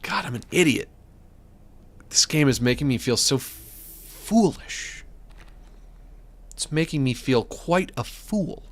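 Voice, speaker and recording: A man streaming a video game, thinking aloud in an animated, self-mocking way with sudden exclamations. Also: mid-range voice, slow, long pauses. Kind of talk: let's-play commentary.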